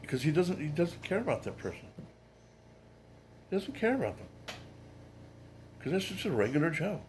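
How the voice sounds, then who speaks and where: A man's voice: fairly high pitch, very animated, moderate pace, a little mellow, a little hiss or hum. A man delivering a casual political rant to camera, indignant and rambling, with frequent restarts.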